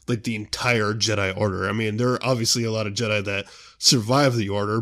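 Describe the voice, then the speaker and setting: A man's voice: lowish voice, fairly bright tone. A young man hosting his own show, chatting casually and rambling a lot. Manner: rambling, full of "you know" fillers. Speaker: show host. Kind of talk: casual solo chat.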